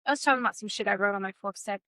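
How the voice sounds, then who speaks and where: A woman's voice: mid-range voice, racing, sharp tone, no echo. A woman co-hosting a podcast, talking candidly and bluntly about recovery and shame, swearing freely and stressing her words. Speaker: podcast co-host. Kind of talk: candid casual chat.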